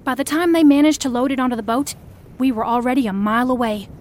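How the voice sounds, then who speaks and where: A woman narrating a first-person audio story, expressive, acting out the shouted lines. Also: sits high, fast, slight background noise.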